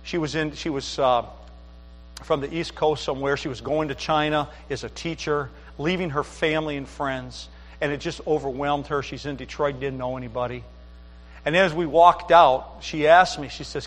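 Middle-aged man, pastor, folksy sermon, a touch high-pitched, hall reverb. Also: fairly even intonation, normal speed, slight background noise. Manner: folksy storytelling with asides. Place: church sanctuary.

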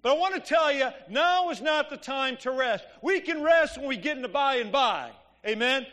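A man's voice: very high voice, animated, normal speed, sharp tone. A man preaching a sermon in a church, telling stories conversationally and asking the congregation "Amen?". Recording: long reverb of a church hall.

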